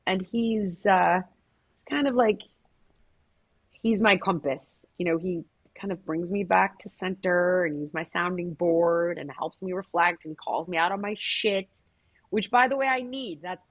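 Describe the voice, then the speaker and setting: A middle-aged woman speaking bluntly and emphatically as an interview guest, with frequent swearing. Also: lowish voice. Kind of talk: candid conversational interview.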